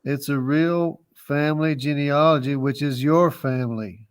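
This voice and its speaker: A man's voice: a little high, fairly even intonation, unhurried, smooth. A man in a heated debate who defends his view and keeps repeating his questions to the other speaker. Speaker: debate participant.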